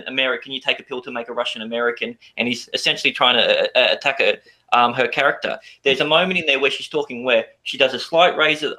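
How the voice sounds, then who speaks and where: Bright-voiced man arguing with stumbles. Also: mid-range voice, poor audio. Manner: argumentative, stumbles and repeats words. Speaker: podcast debater. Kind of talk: casual debate chat.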